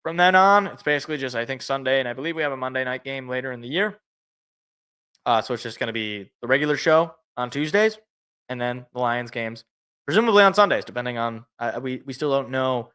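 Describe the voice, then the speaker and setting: A man hosting a casual sports talk show, rambling and correcting himself, his voice worn out from yelling. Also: medium pitch, lively intonation, brisk, clean tone. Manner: rambling, self-correcting, laughs at own jokes. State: voice feels worn out. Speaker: sports podcast host.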